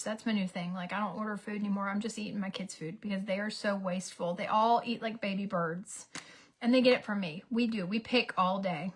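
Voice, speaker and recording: A woman, telling a story as a casual get-ready-with-me vlog, dramatic and animated, sometimes dropping to a whisper. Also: medium pitch, fast talker. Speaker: beauty vlogger.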